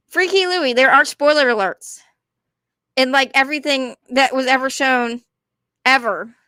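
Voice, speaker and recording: A woman, rambling and animated as she chats casually to her stream viewers. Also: high voice, a little slow, smooth, dry recording, clean studio sound. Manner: rambling, animated, talks to chat. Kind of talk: casual ranting chat to viewers.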